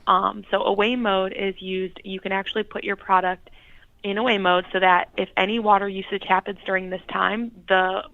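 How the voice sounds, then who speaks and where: A woman guest walks a listener through how a product works, steady and explanatory. Her voice comes over a tinny phone line and sounds dry and close. She keeps a fairly flat tone with a slightly gravelly edge. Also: mid-range voice, moderate pace, dry recording. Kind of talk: radio interview.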